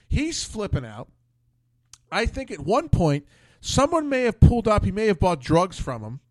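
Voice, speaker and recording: High-voiced man rambling, profane host. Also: no echo. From Philadelphia area. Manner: rambling, profane storytelling with many restarts. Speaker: podcast host. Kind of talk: casual chat.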